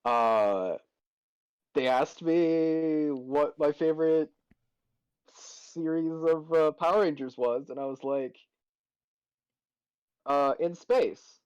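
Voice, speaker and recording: A man in a tabletop game chat, explaining things in a deadpan, rambling way. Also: a little high, takes it slowly, clear, resonant tone, dry recording. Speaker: player. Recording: dull lo-fi dry sound.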